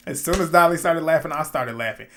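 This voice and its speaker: This is a man delivering casual recap commentary on a reality show, in a slightly higher-than-usual voice. He is loose and opinionated, breaks into laughter often, and swears freely as he talks. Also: fast talker, a little hiss or hum. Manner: animated, laughing, profane and opinionated.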